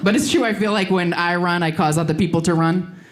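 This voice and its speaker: A woman's voice: lowish voice, steady tone, brisk. A woman performing a stand-up comedy routine, telling self-deprecating stories about her workouts on a comedy stage.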